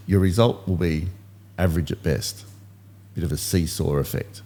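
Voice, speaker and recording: A man's voice: low-pitched, animated, normal speed, darkish tone. A man in his fifties hosting a podcast, coaching and telling stories in casual motivational chat, repeating points for emphasis. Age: 50s. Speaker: podcast host.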